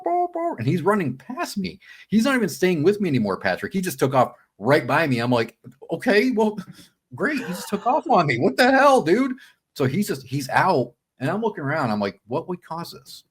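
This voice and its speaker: A man telling a story as a podcast guest in casual chat, animated, acting out his own quotes and peppering talk with "man" and "dude". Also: mid-range voice, husky.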